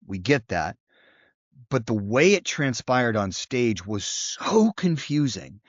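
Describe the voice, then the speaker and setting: A man's voice: mid-range voice, sing-song, slow, dry recording, muffled recording. Storytelling man co-host, dry sound. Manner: storytelling, swears, acts out scenes. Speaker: podcast co-host. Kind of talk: casual film discussion.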